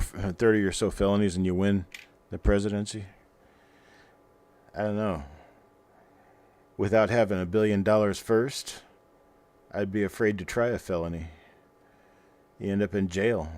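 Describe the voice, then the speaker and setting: A man's voice: on the low side, steady tone, normal speed, long pauses, darkish tone. A middle-aged man hosting a livestream, chatting casually and rambling in a folksy way while he talks to his viewers. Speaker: host of a coin roll hunting livestream.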